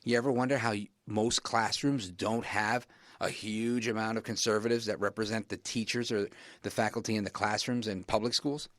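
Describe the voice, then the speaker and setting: A man hosting a talk radio show, delivering an emphatic monologue that keeps rising in pitch to stress his points. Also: steady tone, normal speed, fairly bright tone, dry recording.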